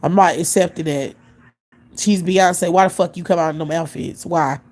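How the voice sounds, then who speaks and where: A woman's voice: lowish voice, fairly even intonation, normal speed, a little mellow. Woman host, profane scornful live-stream rant, blunt and repetitive.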